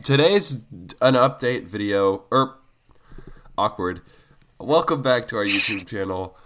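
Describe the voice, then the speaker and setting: A man's voice: on the low side, expressive, unhurried, bright, forceful tone. A sick young man co-hosting a casual podcast chat, playful and emphatic, with audible breaths into the microphone. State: sick, congested. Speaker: podcast co-host.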